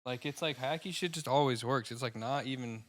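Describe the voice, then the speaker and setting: A man's voice: mid-range voice, fairly bright tone. A young man co-hosting a podcast, chatting casually, swearing a lot and getting worked up as he rambles about stand-up. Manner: profane, rambling, gets worked up fast. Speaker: podcast co-host and stand-up comic.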